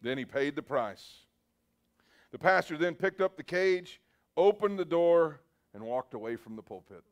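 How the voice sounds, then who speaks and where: A man's voice: fairly high pitch, lively intonation, a little slow. A man preaching at a church service, telling a story and leading prayer in an earnest, urging way. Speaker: pastor.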